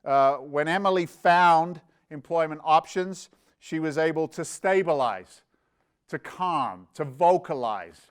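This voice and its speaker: An energetic man emceeing a virtual charity gala, joking and rambling as he urges viewers to give. His voice sits fairly high for a man and comes across smooth and clear. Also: slow pace. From London. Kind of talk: fundraising hosting. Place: virtual event, live stream.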